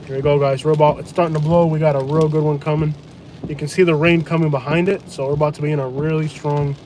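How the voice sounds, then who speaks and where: Blunt, excitable male storm vlogger with a high voice, riding in a truck with rain faintly behind him. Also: fast talker. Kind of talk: live storm commentary. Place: inside a truck during a hurricane. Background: rain and wind.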